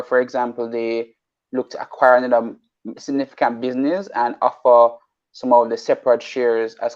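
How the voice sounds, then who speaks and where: A man's voice: medium pitch, darkish tone, dry recording. Male market analyst, explains at length, says "you know" a lot; dry, slightly dull audio. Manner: reads out formal text, then explains at length with many "you know"s. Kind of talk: explaining finance on a live show.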